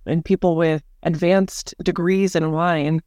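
A woman with a smooth, clear voice, talking through services in an upbeat, explanatory way as a podcast guest. The sound is dry and close, with no room around it. She sounds at ease in a business interview. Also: lowish voice, fairly even intonation, unhurried, dark tone, dry recording. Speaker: senior director, podcast guest.

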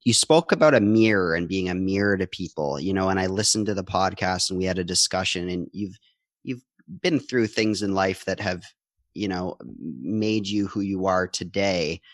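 Low-voiced easygoing male host. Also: moderate pace, no echo, clean studio sound. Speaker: podcast host. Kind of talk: casual interview questions.

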